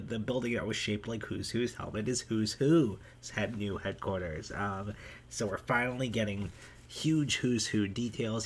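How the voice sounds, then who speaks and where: Low-pitched male vlog host, excitable unscripted commentary, desktop mic. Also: a little hiss or hum. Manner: excitable, breaks into laughs, many fillers and restarts. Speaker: vlog host analyzing a manga chapter. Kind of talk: off-the-cuff commentary.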